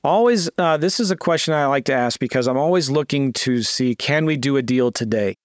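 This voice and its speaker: A man's voice: mid-range voice, animated, brisk, no echo, studio quality. A man teaching a real estate sales script, acting out seller calls with a lifted, eager voice between plain explanation and restarts. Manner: acts out phone lines in a lifted, eager voice; fillers and restarts, talks through a script. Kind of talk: screen-share teaching, casual.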